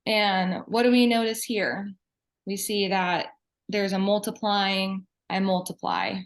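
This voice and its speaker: A woman co-hosting a podcast, teaching the Bible at a steady, measured pace. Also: medium pitch. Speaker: podcast co-host.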